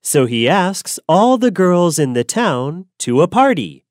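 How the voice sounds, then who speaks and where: A woman narrating a simple storybook slowly and clearly for learners, deliberate and expressive. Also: fairly low pitch, no room sound, clean studio sound.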